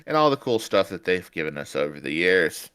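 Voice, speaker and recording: A male podcast co-host talking casually and throwing in playful jokes. His pitch moves around a lot. The recording is dry and close, with no room sound. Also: sing-song, a little fast, a bit bright, smooth, dry recording. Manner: joking, playful. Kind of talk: casual chat.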